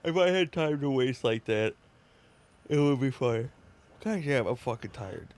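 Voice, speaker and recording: A man's voice: mid-range voice, animated, unhurried, darkish tone, no echo. A man co-hosting a podcast, making laid-back, profane wisecracks in casual chat. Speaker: podcast co-host.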